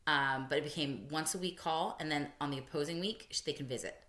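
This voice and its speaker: A woman co-hosting a podcast, telling a personal story in casual chat and voicing the people she quotes. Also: fast talker. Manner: animated storytelling, voices quotes with big pitch jumps. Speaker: podcast co-host. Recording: echoey room, early podcast audio.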